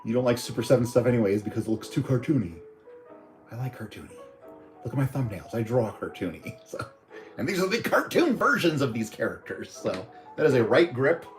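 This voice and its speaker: A man's voice: mid-range voice, very animated, fairly quick, soft background music, poor audio. A man casually reviewing toys on a live stream, rambling and chatty with lots of fillers. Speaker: toy reviewer.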